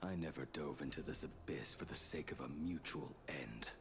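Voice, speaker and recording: A man voicing a grim immortal swordsman bent on vengeance, speaking slowly and solemnly in a hushed, breathy half-whisper. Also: very deep voice, a little hiss or hum. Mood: grim, menacing. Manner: slow, solemn, menacing. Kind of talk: video game voice acting. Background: game music.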